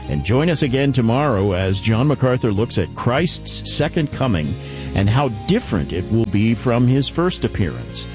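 Rich: A male radio host with a lively, expressive pitch, reading announcements in a smooth broadcast manner. Faint music plays softly underneath his voice.

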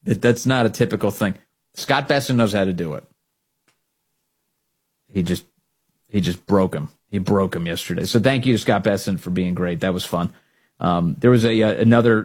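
A man hosting a political commentary show, talking in a mocking, sarcastic monologue. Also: on the low side.

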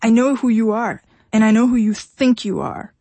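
A woman's voice: on the high side, steady tone, normal speed, dark tone, no room sound. A woman voicing a desperate, pushy husband who pleads and insists, his voice cracking, in an audiobook reading. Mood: insistent. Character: desperate, pushy, tearful husband, grown man.

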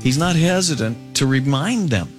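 A man preaching, whose voice leaps high on emphatic lines and sinks low and slow on solemn words. He retells scripture in his own casual phrasing as he teaches. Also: music in the background. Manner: animated, swinging from high emphatic bursts to low drawn-out words; paraphrases scripture conversationally. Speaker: pastor. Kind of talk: expository sermon.

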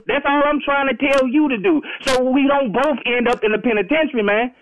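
Very high-voiced angry man on a phone line. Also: a little fast, a little hiss or hum. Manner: heated, threatening, profane, keeps saying man. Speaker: prank call target. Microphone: phone call.

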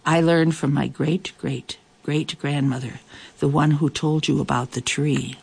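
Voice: mid-range voice, steady tone, measured pace, creaky, a little mellow, breathy edge. A storyteller voicing a very young, polite male tortoise who speaks steadily. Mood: calm. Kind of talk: storybook reading.

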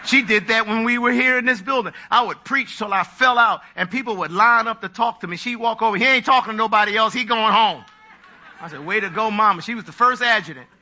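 A man preaching a live sermon to his congregation, animated, with mocking asides and humor. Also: high voice, fast talker, few pauses. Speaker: pastor.

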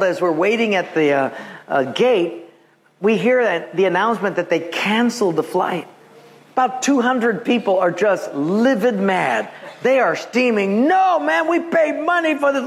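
A male pastor from Hawaii preaching a sermon, telling a story and acting out quotes in an animated voice. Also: high voice, in a large hall. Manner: animated, acts out quotes with raised voice.

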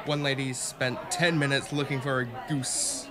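An actor playing a young German backpacker at a winery, with a put-on German accent and a halting, apologetic way of talking. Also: male voice, medium pitch, level tone, a crowd in the background, lightly acted. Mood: sheepish. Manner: halting, apologetic, stumbles over lines.

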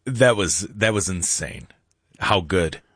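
A man's voice: low-pitched, lively intonation, slow, a bit bright, husky, no room sound, studio quality. A man hosting a morning talk radio show, chatty and laughing often, now and then mimicking other voices.

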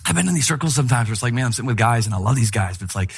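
A man preaching a conversational sermon, animated and joking, acting out the quotes he tells. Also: medium pitch, very fast, slightly rough. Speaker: pastor.

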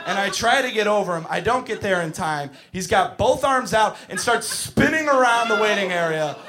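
A young man doing a stand-up comedy set, telling stories with animated, exasperated yelling and plenty of swearing. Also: high voice, normal speed. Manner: profane. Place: comedy club stage with audience. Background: audience laughter.

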